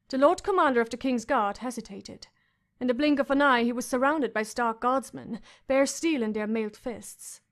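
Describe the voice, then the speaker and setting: A woman's voice: on the high side, moderate pace. A woman reading a fantasy audiobook with dramatic narration.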